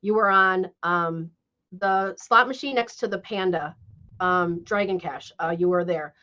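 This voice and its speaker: A woman's voice: on the low side, unhurried, pushed and bright. Woman hosting a live stream, chatty and a bit hesitant, lots of ums, muffled lo-fi sound. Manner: chatty, hesitant, many fillers. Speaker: livestream host. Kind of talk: casual live chat.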